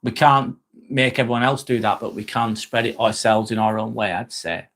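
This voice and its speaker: A man's voice: mid-range voice, steady tone, normal speed, fairly bright tone. A man hosting a live stream in a casual, joking way, reading viewer comments aloud and replying with some swearing.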